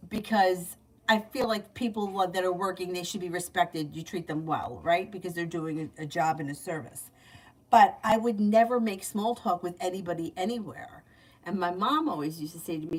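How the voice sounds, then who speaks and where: A woman's voice: medium pitch, lively intonation, a little fast. A woman giving tarot readings in a casual livestream, chatty and candid, laughing often. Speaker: tarot reader. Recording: distant mic, faint background noise.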